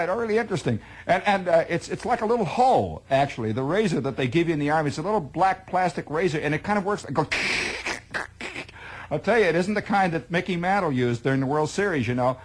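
A man's voice: a little high, very animated, brisk. A man telling a spoken monologue in a wry, exaggerating manner. He stacks up details and often repeats words as he goes. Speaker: storyteller.

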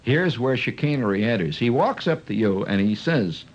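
Husky-voiced man telling a comic story. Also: medium pitch, normal speed. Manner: rambling, animated, mocking. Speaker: comedian. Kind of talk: stand-up storytelling monologue.

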